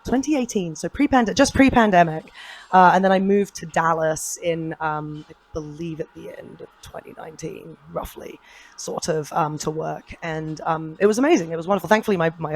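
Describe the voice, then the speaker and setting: A woman's voice: low-pitched, rough recording. A woman with an English accent, a voice actor chatting in a casual convention interview, bubbly and laughing often. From England. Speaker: voice actor guest.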